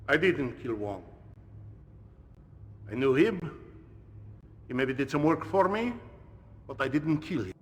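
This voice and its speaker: A man's voice: medium pitch, expressive, slow pace, long pauses. An actor playing a defiant Russian male crime boss with a Russian accent, from a game video. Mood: indignant. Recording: game video with long reverb and faint ambience.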